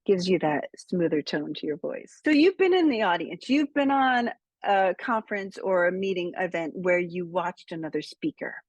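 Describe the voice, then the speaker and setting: A woman speaker coach giving speaking tips straight to camera, with measured, emphatic delivery and deliberate pauses. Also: lowish voice, expressive, no room sound.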